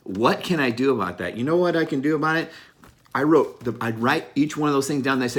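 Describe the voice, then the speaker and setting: A man's voice: fairly high pitch, lively intonation, fast talker. A middle-aged man giving an unscripted motivational talk, blunt and profane, stressing his points and laughing at himself now and then. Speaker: motivational speaker.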